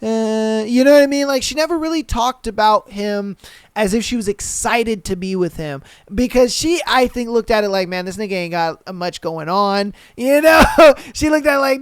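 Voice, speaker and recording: A man's voice: high voice, clean tone, no echo. A man hosting a podcast alone, talking casually and bluntly with lots of swearing, fillers and rambling asides. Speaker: podcast host. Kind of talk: casual solo commentary.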